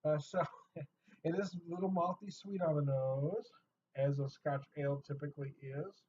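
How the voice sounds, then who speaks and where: A middle-aged man chats his way through a beer review, rambling, joking and laughing at his own asides. His voice sits a touch high for a man. The recording sounds dull and lo-fi, with a faint hiss behind him. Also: normal speed, darkish tone. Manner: jokey, rambling, laughs often at himself. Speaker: beer reviewer and channel host. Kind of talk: casual beer review vlog.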